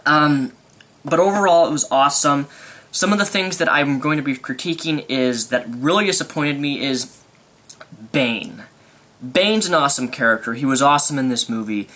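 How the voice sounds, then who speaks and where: A young man rambling excitedly through an unscripted movie review vlog. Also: fairly high pitch, moderate pace.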